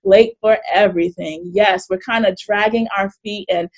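A middle-aged woman hosting a live online workshop over a video call, chatty and animated, often laughing and reading chat comments aloud. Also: mid-range voice, normal speed, lo-fi sound. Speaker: coach and webinar host.

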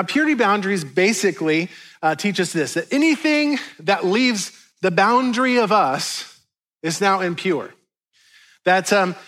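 A man's voice: sits high, fairly bright tone. A middle-aged man preaching a sermon to a congregation in a church, conversational and joking, with playful asides to the listeners. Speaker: pastor.

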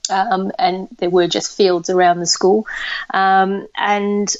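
An older woman from Australia, a podcast guest talking casually about running, self-deprecating and quick to laugh. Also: mid-range voice, level tone, dry recording, dull audio. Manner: warm, self-deprecating, laughing, with hesitant restarts. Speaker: guest, runner.

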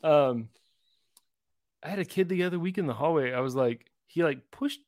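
A man in his forties co-hosting a casual podcast, an animated storyteller who acts out voices and pokes fun at himself. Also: fairly high pitch, moderate pace, no room sound, clean studio sound. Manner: animated, acts out voices in anecdotes, self-deprecating. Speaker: podcast co-host, middle school teacher.

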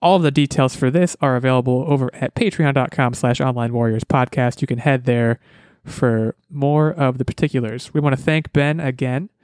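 A man's voice: mid-range voice, fairly even intonation, moderate pace, darkish tone, clear, resonant tone, dry recording. A man hosting a casual gaming podcast, talking in an upbeat, rambling way and often correcting himself mid-sentence. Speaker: podcast host.

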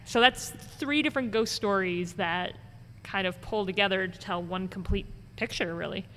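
This woman leads ghost tours and, in a conversational storytelling interview, voices the people in her tales in an animated way. Her pitch is medium and her speed normal. Long reverb and faint background noise color the recording.

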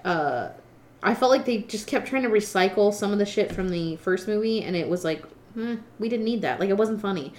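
A woman's voice: medium pitch, expressive, fairly quick, a little mellow. A woman co-hosting a casual movie review podcast, rambling and hesitant, swearing casually. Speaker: podcast co-host.

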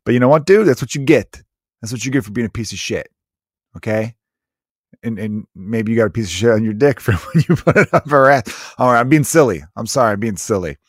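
A man who is a comedian hosting his own podcast, telling stories in an animated, profane way with frequent laughter. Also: medium pitch, a little fast, dry recording, studio quality. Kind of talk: casual comedic podcast monologue.

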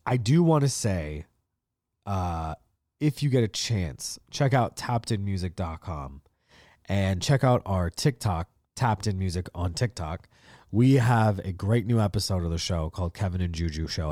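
The fairly low-pitched voice belongs to a podcast host in his late twenties, recorded at studio quality with no room sound. Casual and profane, he narrates stories in an animated monologue, playing out the voices of those he quotes.

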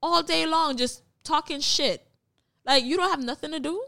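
A woman's voice: high voice, normal speed, vocal fry, a bit bright. A young woman co-hosting a podcast, talking bluntly and emphatically in casual chat, swearing freely. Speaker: podcast co-host.

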